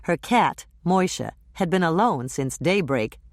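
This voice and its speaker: Expressive woman audiobook narrator. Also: lowish voice, a little slow, dry recording, clean studio sound. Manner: animated, expressive storytelling. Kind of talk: scripted narration.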